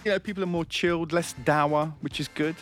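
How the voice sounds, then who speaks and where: A man's voice: fairly quick, faint music behind. A man hosting a casual comedic radio chat, laughing often and slipping into put-on voices. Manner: animated, laughs a lot, jumps into high put-on voices. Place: radio studio.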